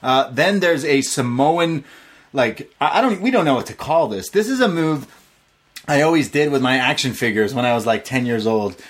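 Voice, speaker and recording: A man co-hosting a wrestling podcast, excitably recapping matches play by play in casual slang. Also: medium pitch, moderate pace. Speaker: podcast co-host.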